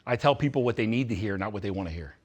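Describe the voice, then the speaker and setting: A man with a lowish, expressive voice talks at rapid-fire speed to a room full of students at a youth retreat. He's blunt and intense, repeating his points for emphasis, in a live motivational talk with Q&A held in a large indoor room before an audience.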